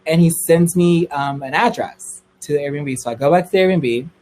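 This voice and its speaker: A young man telling a story on a livestream in a casual, gossipy way, swearing freely and squealing high when excited. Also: moderate pace, slight background noise, poor audio.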